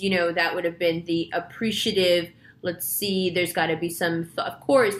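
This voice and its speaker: A woman's voice: on the low side, fairly bright tone. A young woman, a tarot reader, chatting to her viewers in a casual monologue and acting out the voices in her story.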